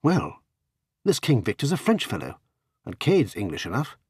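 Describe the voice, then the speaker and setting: A man reading an audiobook, voicing a blunt, hearty young English gentleman with brisk, chummy chatter. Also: medium pitch, huge pitch swings, husky, no room sound, studio quality, pitched above the performer's own voice.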